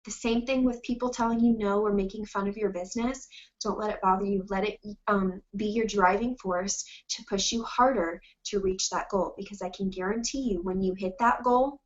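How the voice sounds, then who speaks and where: A woman's voice: medium pitch, fairly even intonation, normal speed, lo-fi sound. A woman giving an earnest, encouraging motivational talk to her sales team, fighting back tears as she speaks.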